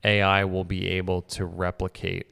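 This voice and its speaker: A man's voice: low-pitched, completely flat delivery, normal speed, gravelly, bright, forceful tone, in a large hall. A young man co-hosting a podcast in casual chat, joking and self-mocking, often restarting his sentences. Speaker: podcast co-host.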